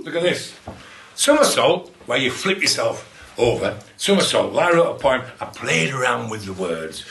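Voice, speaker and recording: A man's voice: medium pitch, vocal fry, sharp tone, slight background noise. A man running a playful poetry lesson for children, exclaiming and laughing as he shares tips. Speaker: children's poet. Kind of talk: lively poetry workshop for children. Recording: echoey room.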